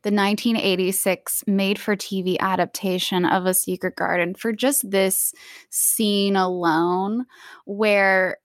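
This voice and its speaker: A woman co-host talks eagerly about a book and a film version of it. She throws herself into the quoted lines as she tells the story. The sound is dry and close, and her pitch sits in the middle. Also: steady tone, measured pace, no room sound. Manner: enthusiastic, acts out quoted lines. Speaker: podcast co-host. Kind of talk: casual book discussion.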